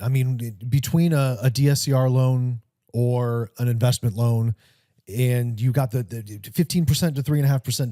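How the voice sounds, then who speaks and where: Man, mid pitch, warm mellow tone, realtor, casual podcast co-host, agreeable. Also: dry recording, studio quality. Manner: backs up his co-host with short agreements.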